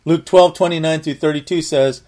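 A man's voice: fairly high pitch, fairly even intonation, normal speed, mellow. A man giving conversational Bible teaching, earnest, often repeating and restarting his words.

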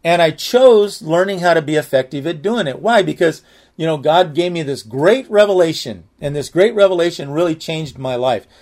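A man's voice: a little high, animated, moderate pace, a little mellow. A man sharing a personal testimony in a candid, earnest, conversational way.

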